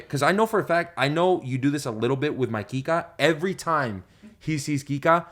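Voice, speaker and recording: A young man hosting a podcast, telling stories in casual chat with lots of swearing and loud laughs at his own punchlines. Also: fairly high pitch, fast talker. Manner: profane, animated storyteller, laughs loudly at punchlines. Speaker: podcast host.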